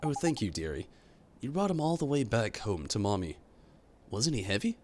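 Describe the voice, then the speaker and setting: A man's voice: on the low side, very animated, normal speed, music in the background. A man voicing a doting elderly woman who fusses over her cat. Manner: doting, cooing. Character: fussing elderly lady cat owner.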